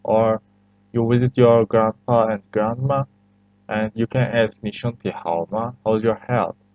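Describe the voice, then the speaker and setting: A man's voice: fairly low pitch, fairly even intonation, a little slow, darkish tone, no room sound. A man with a Turkish accent, a native Turkish speaker, teaching a language lesson over a screen recording. He talks with patient hesitations and repeats phrases for learners. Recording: slightly muffled lo-fi recording.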